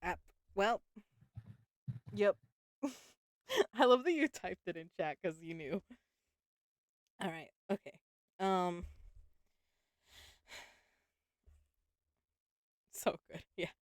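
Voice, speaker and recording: A woman's voice: fairly low pitch, lively intonation, very slow, long pauses, dry recording, studio quality. A woman reading a novel aloud on a live stream from home, chatting with her audience, laughing often and swearing casually. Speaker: book reader and live streamer. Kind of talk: live-streamed book reading with chat banter.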